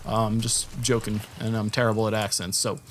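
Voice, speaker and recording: A man's voice: on the low side, a little fast, a little hiss or hum. A young man giving rambling, casual commentary over his own gameplay, correcting himself often and jumping up when the action picks up. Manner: rambling, self-correcting, jumps up in excitement at action.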